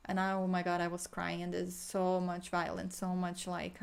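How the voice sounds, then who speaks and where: Soft, sighing woman with a gravelly edge. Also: on the low side, monotone. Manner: slow, soft, sighing, breaks into chanted light language. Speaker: spiritual healer. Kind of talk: guided healing meditation.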